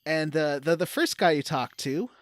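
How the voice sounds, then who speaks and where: A woman's voice: sits low, lively intonation, normal speed, dry recording. A woman co-hosting a casual gaming podcast, recapping the plot with wry, dry asides. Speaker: podcast co-host.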